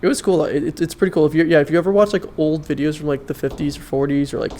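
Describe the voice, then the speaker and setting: A man hosting a podcast, explaining things in an animated, rambling way full of fillers. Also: fairly high pitch, racing, a little hiss or hum. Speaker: podcast host. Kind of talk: casual chat.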